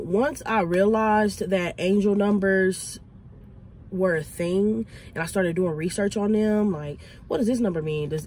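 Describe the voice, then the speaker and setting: A young woman from Texas with a Southern accent, chatting quickly and excitedly to viewers from inside her car in a casual vlog. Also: fairly low pitch, slight background noise. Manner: fast, excitable, chatty, addresses viewers as y'all. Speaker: vlogger. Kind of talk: casual vlog talk to camera.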